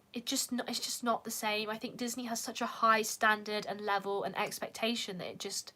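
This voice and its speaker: Young British woman vlogger, high-ish bright voice, rambling and casual. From United Kingdom. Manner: chatty, peppered with "like". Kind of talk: casual chat.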